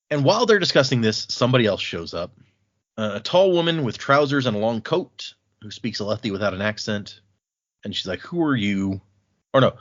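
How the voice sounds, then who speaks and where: A man co-hosting a podcast, casually recapping book chapters and paraphrasing the characters' lines in an animated way. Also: on the low side, dull audio. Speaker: podcast co-host.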